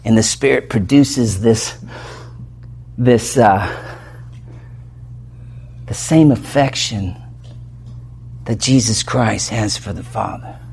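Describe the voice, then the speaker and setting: A man preaching an expository sermon as pastor, emphatic, asking the congregation rhetorical questions and swinging between loud declarations and hushed passages. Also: lowish voice, slow, gravelly, pauses often, slight background noise.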